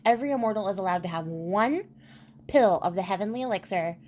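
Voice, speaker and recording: A woman's voice: mid-range voice, expressive, fast talker, darkish tone, a little hiss or hum, close to an everyday voice. A woman telling it as the stern Jade Emperor. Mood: solemn. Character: stern male Jade Emperor ruler of heaven.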